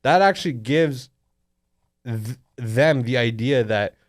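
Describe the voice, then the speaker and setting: A man in his thirties co-hosts a podcast, teasing his friend with crude, casual banter and laughing often. His mid-range voice takes things slowly, recorded dry and at studio quality.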